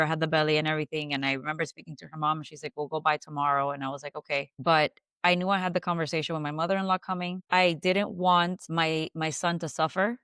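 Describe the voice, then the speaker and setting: Low-voiced woman telling a painful story. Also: clear, resonant tone, dry recording. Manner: halting, with restarts and soft fillers. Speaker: guest. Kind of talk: emotional personal storytelling.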